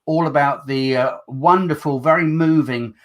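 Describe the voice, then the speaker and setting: A man's voice: on the high side, moderate pace. A man with a Black Country accent hosting a casual talk show, theatrical and upbeat. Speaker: host. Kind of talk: casual chat.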